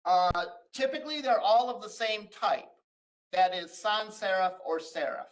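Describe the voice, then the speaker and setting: A man with a fairly high voice gives a recorded college lecture. He explains each line of code patiently, pausing on "uh" and restarting his phrases as he goes. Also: expressive, rough recording. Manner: explains step by step, frequent "uh" and restarts. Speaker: college instructor. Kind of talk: recorded screen-share lecture.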